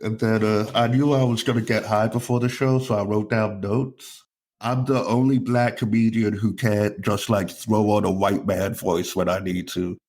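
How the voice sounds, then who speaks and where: A male stand-up comedian co-hosting a podcast, chatting casually in a low-energy, self-deprecating way. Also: steady tone, normal speed, a little mellow. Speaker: podcast co-host.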